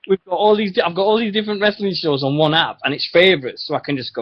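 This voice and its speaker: A man's voice: a little high, brisk. A man hosting a wrestling radio show, rambling and laughing as he tells stories. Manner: chatty, rambling, laughs often, animated storytelling. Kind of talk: casual radio chat. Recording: dull lo-fi internet radio audio.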